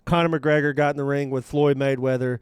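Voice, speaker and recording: A man co-hosting a podcast speaks in relaxed, casual chat. His voice is smooth and resonant. It is recorded close up and dry, with no room echo. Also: mid-range voice, fairly quick. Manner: relaxed, chuckling agreement and sports comparisons. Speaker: podcast co-host.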